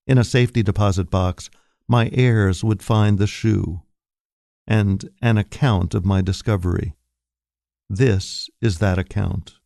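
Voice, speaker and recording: Man reading a short story, real slow, gravelly fry, dead dry sound. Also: lowish voice, dark tone, dry recording. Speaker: reader. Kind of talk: scripted narration of short fiction.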